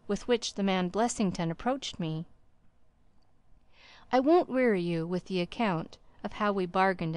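A woman narrating a classic story as an audiobook in a measured, formal way. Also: medium pitch, a little mellow, dry recording.

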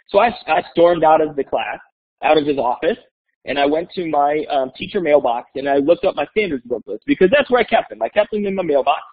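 Brief: male educator, husky voice, energetic storyteller, tinny phone-quality audio. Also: on the high side. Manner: animated, acts out quoted dialogue. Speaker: guest presenter. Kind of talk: webinar storytelling. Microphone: webinar audio.

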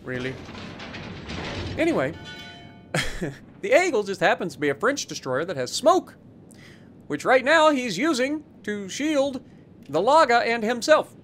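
A man with a high voice narrates his gameplay in a loose, chatty way. His pitch swings widely as he teases enemy players and picks apart their mistakes with dry sarcasm. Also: very animated, measured pace, long pauses, fairly bright tone, a little hiss or hum. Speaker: gaming YouTuber. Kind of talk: casual gameplay commentary.

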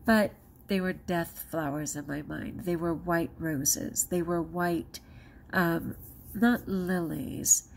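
A schoolteacher and vlogger, a woman, tells a personal story out of breath, expressive and dramatizing quotes with big jumps in pitch. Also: creaky, slight background noise.

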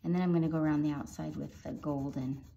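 A woman guiding viewers step by step through coloring a drawing, in a gentle instructing manner. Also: deep voice, steady tone, quick pace, vocal fry, muffled recording, a little hiss or hum. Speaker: art teacher. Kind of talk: drawing tutorial narration.

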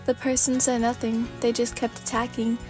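A woman narrating a fanfic as a sleepy ASMR reading, in a calm, steady storybook manner. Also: a little high, normal speed, soft background music.

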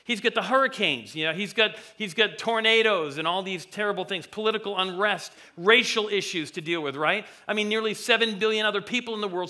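Male pastor, bright and forceful tone, slightly high, animated conversational sermon. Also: fairly quick, few pauses. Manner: animated, conversational, acts out voices from stories. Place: church sanctuary.

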